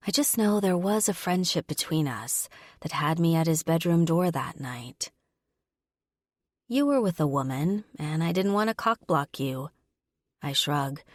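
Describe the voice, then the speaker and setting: A woman narrating a first-person romance audiobook in a steady, even storytelling manner. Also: fairly low pitch, no room sound, studio quality.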